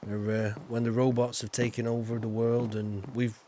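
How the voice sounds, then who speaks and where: A man's voice: medium pitch, flat delivery, normal speed, warm tone, a little hiss or hum. A man with a Yorkshire accent streaming a building game, chatting casually with viewers in a rambling way, full of little asides. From Yorkshire, England. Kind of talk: casual gaming chat.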